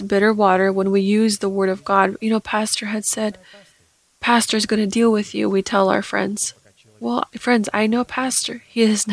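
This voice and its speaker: A woman preaching a sermon, reading Scripture aloud and getting loud at emphatic points. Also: mid-range voice, dry recording, rough recording.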